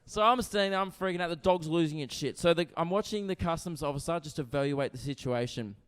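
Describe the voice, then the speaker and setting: A man's voice: fairly high pitch, quick pace, clear, resonant tone. Brash young man doing stand-up. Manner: brash, conversational, keeps asking "right?". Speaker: stand-up comedian. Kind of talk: stand-up routine. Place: comedy venue stage. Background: audience laughter.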